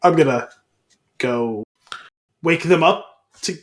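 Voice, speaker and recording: Male podcast co-host with a fairly high voice, dry and jokey, chatting casually. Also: slow. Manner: wry, quippy interjections. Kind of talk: casual chat.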